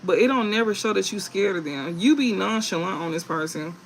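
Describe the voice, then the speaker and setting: Man, tarot reader on a live stream: high voice with a gravelly edge, blunt, cusses freely, laughs a lot. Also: expressive, brisk, a bit bright, slight background noise, poor audio. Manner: blunt, profane, laughs often; emphatic repetition.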